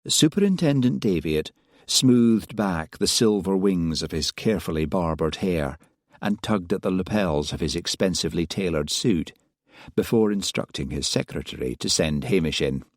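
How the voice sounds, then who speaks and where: A man narrating a mystery novel in a measured, even reading. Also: sits low, dry recording, studio quality. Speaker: audiobook narrator. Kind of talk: scripted narration.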